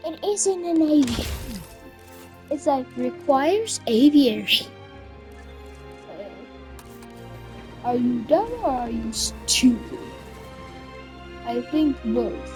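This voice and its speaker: A woman's voice: high voice, lively intonation, drawn-out words, long pauses. A woman commenting on her own gameplay in a chatty way, with self-mocking asides. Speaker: gamer. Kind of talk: let's play commentary. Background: faint game music.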